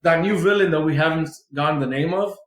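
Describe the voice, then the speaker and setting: A man's voice: fairly high pitch, quick pace. Rambling man in an echoey room. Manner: rambling, filler-heavy, swears freely. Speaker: podcast co-host. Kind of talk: casual comic book recap.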